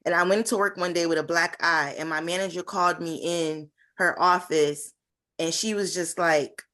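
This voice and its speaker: A woman's voice: lowish voice, fairly even intonation, normal speed, sharp tone. A woman in her twenties giving an earnest, heartfelt personal testimony at a conference over a video call, with frequent fillers. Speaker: conference speaker.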